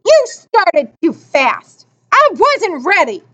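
A woman's voice: high-pitched, animated, slow pace, pushed and bright, muffled recording, heavily acted. A woman voicing a boastful, taunting boy runner who talks in street slang in a storybook reading. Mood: protesting. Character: tough cocky boy runner, boastful and sore loser.

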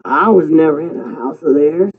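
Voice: mid-range voice, normal speed, breathy edge. A storyteller voicing a grizzled old male park worker who talks in a folksy, hesitant, stammering way. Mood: puzzled. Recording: tinny phone-like sound.

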